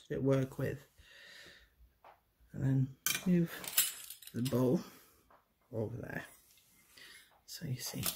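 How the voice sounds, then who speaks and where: A woman's voice: low-pitched, warm tone, a little hiss or hum. A woman hosting a casual baking tutorial, chatty and self-deprecating, often dropping to a murmur as she works. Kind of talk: casual hands-on demonstration.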